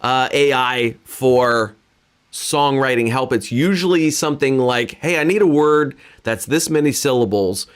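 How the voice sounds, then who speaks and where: With a clear, resonant, mid-range voice at a measured pace, a Californian musician hosts a casual livestream from home. Faint guitar plays as he rambles, earnest and self-deprecating, often restarting.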